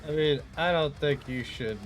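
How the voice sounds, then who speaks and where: Laid-back man, mid-pitched, swearing casually. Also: moderate pace. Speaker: streamer host. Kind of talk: casual chat. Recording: faint music behind.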